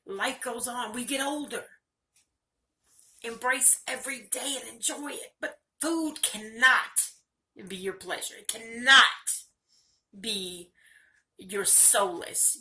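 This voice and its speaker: An older woman vlogger talks directly to her viewers in a personal video, candid and earnest. Her mid-range voice is bright, and the talk feels intimate and confessional.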